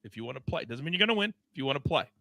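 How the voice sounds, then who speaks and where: A man's voice: mid-range voice, very animated, racing, gravelly, pushed and bright, no room sound. A man hosting a live sports betting show, bantering with his co-hosts and reading the chat. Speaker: show host.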